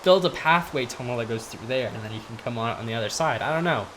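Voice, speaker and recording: A man's voice: mid-range voice, fast, background noise. Rambling young man narrating gameplay. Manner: rambling, chatty, gushes over cute dinosaurs. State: hiccuping. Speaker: gaming YouTuber. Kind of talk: casual gameplay commentary.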